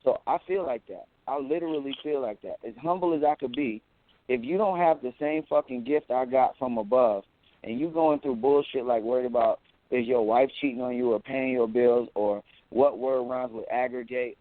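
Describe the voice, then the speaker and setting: A man talking as an interview guest, boastful and animated, who often repeats words as he goes. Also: medium pitch, moderate pace, no room sound. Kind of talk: casual interview talk. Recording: tinny phone-like audio.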